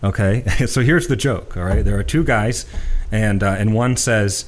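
A middle-aged man with a lowish voice chats casually about old songs. He tells stories in a loose, rambling way, full of restarts and fillers. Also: moderate pace. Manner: chatty storyteller, many restarts and fillers. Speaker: podcast co-host. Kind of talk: casual music chat.

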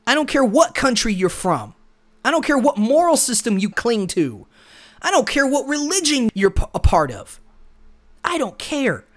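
A man's voice: very high voice, very animated, normal speed, fairly bright tone. A man hosting a podcast, talking alone in a blunt, lecturing, combative way. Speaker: podcast host. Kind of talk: solo opinion monologue.

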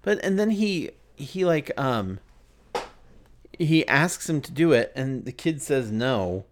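Casual male podcast co-host, rambling film recap, mid pitch. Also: very animated, slow pace, a little hiss or hum. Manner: rambling, recounts scenes with filler words. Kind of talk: casual movie review chat.

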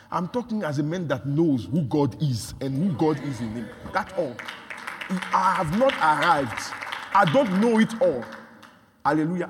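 A man preaching a sermon, repeating phrases and building from quiet talk to shouts. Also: a little high, a little hiss or hum. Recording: long hall reverb.

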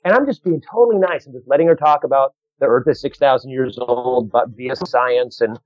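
A man working as a stand-up comedian, telling a story in a casual, animated way, restarting phrases and acting out the people in it. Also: mid-range voice, no echo. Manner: animated, quick restarts, acts out other voices. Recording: dull lo-fi dry recording.

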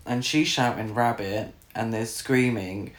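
A man's voice: medium pitch, unhurried. Man, casual film chat, laughs a lot, sweary, echoey room. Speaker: film review podcast co-host.

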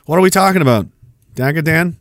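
A man's voice: on the high side, fast, dry recording, studio quality. A man hosting a podcast in casual chat, rambling, swearing freely and joking darkly. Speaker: podcast host.

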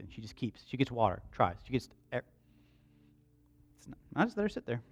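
A man preaching a sermon, telling a personal story in a hushed voice, then building to loud, slow, emphatic lines. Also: mid-range voice, very animated, slightly rough, lo-fi sound. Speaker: pastor.

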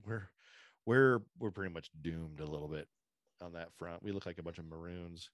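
A man's voice: deep voice, normal speed, no echo, clean studio sound. A man hosting a podcast in casual chat, opinionated and rambling, restarting his sentences often. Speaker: podcast host.

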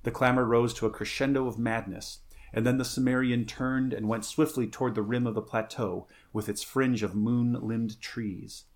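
A man reading a pulp adventure story aloud in a steady, measured way, breaking off for halting, casual chat. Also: medium pitch.

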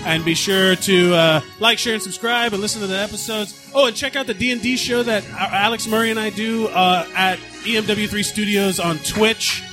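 A man hosting a live comedy podcast, playful and loud as he hypes the crowd. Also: high-pitched, normal speed, few pauses, music in the background. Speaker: comedy show host. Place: live show before an audience.

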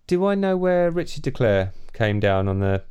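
A man's voice: mid-range voice, sing-song, moderate pace, a little mellow, clear, resonant tone. A man playing a tabletop game, thinking aloud as he plans his next move. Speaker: player. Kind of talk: casual tabletop play.

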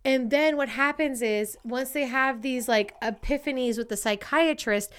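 Animated profane woman telling a story. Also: sits high, normal speed, clean tone. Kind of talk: casual storytelling chat.

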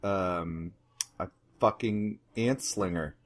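A man's voice: low-pitched, slow pace. A man chatting casually about history on a comedy podcast, rambling and swearing, often breaking into laughs.

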